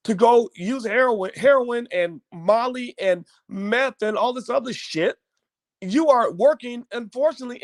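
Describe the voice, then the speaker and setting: A man's voice: extremely high pitch, no room sound. A man hosting his own online show, giving opinionated commentary to viewers in an emphatic, preachy way, often repeating words and restarting.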